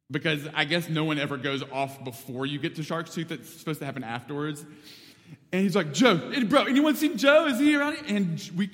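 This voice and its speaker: A man from North Alabama preaching, telling a story in a casual, animated way with many fillers. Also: medium pitch, big-room sound. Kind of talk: sermon storytelling.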